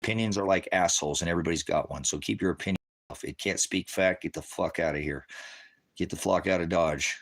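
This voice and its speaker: A deep-voiced man hosting a livestream who fires back at his chat. He curses freely and dismisses his commenters with blunt, combative put-downs. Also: fast. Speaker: livestream host of a ministry channel. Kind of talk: profane livestream rant answering chat.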